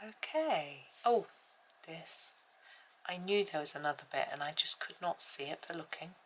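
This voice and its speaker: Low-voiced English woman chatting while colouring. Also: lively intonation, moderate pace, slight background noise, rough recording. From England. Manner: chatty, thinking aloud, rambling asides. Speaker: colouring channel host. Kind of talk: casual chat while colouring.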